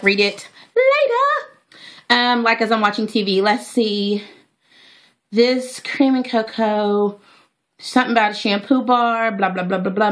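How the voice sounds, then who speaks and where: Excitable chatty woman, slightly high voice. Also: a little hiss or hum. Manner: excitable, chatty, talks to viewers directly. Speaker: natural hair vlogger. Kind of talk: casual unboxing chat.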